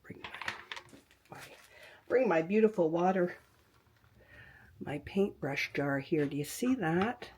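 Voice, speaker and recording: An older woman with a lowish voice chats her way through a craft demonstration, rambling and talking to herself as she paints. She now and then slips into a whisper. It sounds like a webcam recording at home. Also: animated, slow, long pauses, darkish tone, slight background noise. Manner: chatty, talks to herself while working, drifts into whispers. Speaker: quilting tutorial host.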